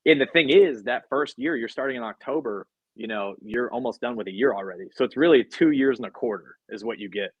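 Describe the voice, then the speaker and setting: A man's voice: medium pitch, fairly quick, few pauses, slightly rough, no room sound, lo-fi sound. A man, a podcast guest, telling his career story in casual, rambling talk full of fillers. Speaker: podcast guest, sports agent. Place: podcast studio.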